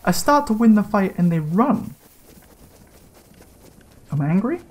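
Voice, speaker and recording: A man giving casual gameplay commentary, excitable and slangy, swearing and yelping as he plays. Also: sits high, slow. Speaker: let's play gamer.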